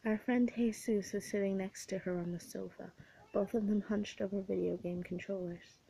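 Husky woman narrating a comic story. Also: medium pitch, steady tone, moderate pace, dark tone, poor audio. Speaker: audiobook reader. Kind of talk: first-person comic narration.

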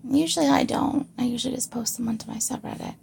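A woman's voice: fairly high pitch, warm tone, a little hiss or hum. A young woman with a northern English accent, chatting casually and half-whispering as an audio creator, giggling at herself. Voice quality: breathy, husky. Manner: giggly, self-mocking, slow and drawn out. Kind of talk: casual chat, often whispered.

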